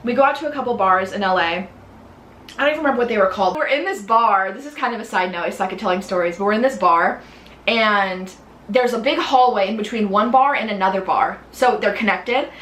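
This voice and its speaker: A young woman, chatting and telling animated stories while doing makeup, putting on voices as she goes. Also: medium pitch, brisk. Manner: bubbly, animated storytelling with voices. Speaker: beauty vlogger. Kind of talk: casual chat. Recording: echoey room with faint hiss.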